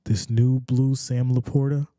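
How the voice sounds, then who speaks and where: A man voicing a pushy male trading-card seller hyping his sales in a drawn-out, salesy pitch. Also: flat delivery, dark tone, no echo, studio quality, natural voice.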